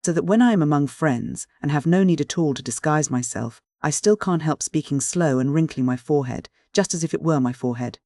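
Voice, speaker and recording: A reader voicing a detective disguised as an old professor, speaking slow and dismal in an audiobook. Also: mid-range voice, darkish tone, no room sound, clean studio sound, close to an everyday voice. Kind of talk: audiobook reading.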